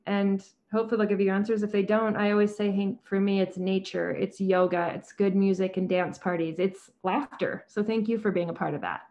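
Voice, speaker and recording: A woman in her forties, a therapist talking calmly and earnestly, often acting out her own conversations. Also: mid-range voice, brisk, few pauses. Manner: calm, soft-spoken, quotes herself in dialogue. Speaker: therapist and guest.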